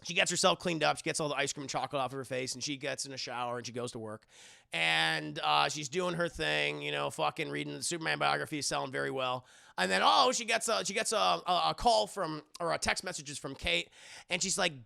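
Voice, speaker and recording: Gravelly bright-voiced guy ranting thru a movie plot, swears a lot, dry close mic. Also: fairly high pitch, a little fast. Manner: rambling, profane, sarcastic. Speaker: movie reviewer and streamer. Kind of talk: casual comedic movie recap. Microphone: close streaming mic.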